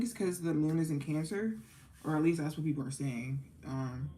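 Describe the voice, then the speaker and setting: A young woman reading tarot hosts a livestream in a low, brisk, warm voice, captured on a low-quality recording. She chats loosely, sounding sleepy and exhausted, and sings along to music between remarks.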